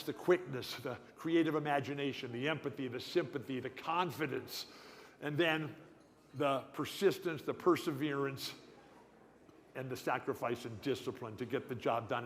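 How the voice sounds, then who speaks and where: A man's voice: mid-range voice, long reverb tail. An older man who says he is a lifelong stutterer, giving an emphatic, folksy, rambling speech as a guest speaker at an awards dinner. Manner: emphatic, folksy, jumps between tangents. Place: banquet hall at a club dinner.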